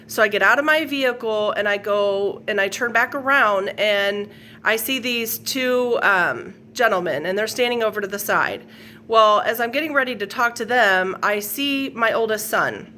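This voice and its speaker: A woman's voice: medium pitch, moderate pace, bright, forceful tone, slight background noise. A middle-aged woman earnestly retelling a dream as a personal faith testimony, rambling with fillers and quoted lines. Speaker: faith video host. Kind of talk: personal testimony, casual storytelling.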